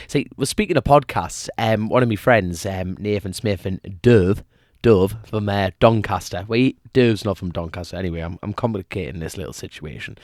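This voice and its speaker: A man's voice: on the low side, no room sound, studio quality. Rambling, jokey man. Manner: rambling, jokey, quick to laugh, loses his thread. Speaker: podcast co-host. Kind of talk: casual chat.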